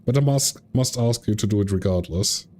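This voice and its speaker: A man's voice: on the low side, brisk, dark tone, slight background noise, lightly acted. A man voicing an earnest, polite male scholar who is determined to find the truth.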